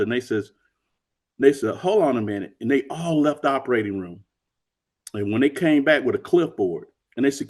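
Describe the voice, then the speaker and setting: A man's voice: medium pitch, lively intonation, normal speed. A middle-aged man telling an emotional personal story as an interview guest, earnest and acting out the dialogue he quotes.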